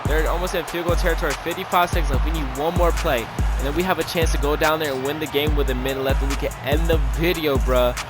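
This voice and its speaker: A man's voice: on the high side, fairly even intonation, fast, hardly any pauses. Hyped young man calling a football video game. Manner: hyped, anxious play-by-play, swears, says "man" and "bro" a lot. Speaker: gaming YouTuber. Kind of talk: excited game commentary. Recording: game music playing loud underneath. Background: video game music.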